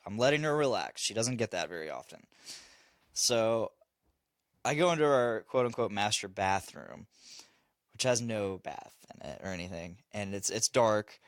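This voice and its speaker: A man's voice: on the low side, lively intonation, normal speed, no echo. A man telling a parenting story on a casual podcast, swearing and laughing as he goes. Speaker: podcast host; father.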